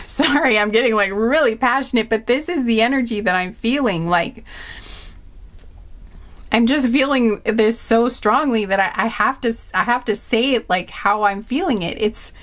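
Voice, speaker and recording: A woman's voice: fairly high pitch, moderate pace, fairly bright tone. A woman giving a spiritual pick-a-card reading, talking with passion and emphasis, repeating phrases with many fillers. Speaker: tarot card reader.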